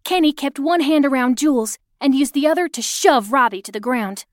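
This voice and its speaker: A woman narrating a first-person audio story, expressive, acting out the shouted lines. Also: high voice, brisk, no room sound, clean studio sound.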